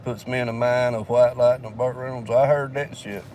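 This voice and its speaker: A man's voice: mid-range voice, fairly even intonation, a little fast, a little mellow, a little hiss or hum. A man from Alabama with a Southern accent, telling a long story in a casual vlog, swearing heavily and rambling with fillers, recorded in a vehicle.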